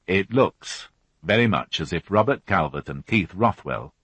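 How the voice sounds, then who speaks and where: A man reading a police inspector's lines in a measured, tactful way. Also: deep voice, lively intonation, fairly bright tone, husky, no room sound, exaggerated voice. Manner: measured, slow, tactful questioning. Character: middle-aged male police inspector, reserved and careful.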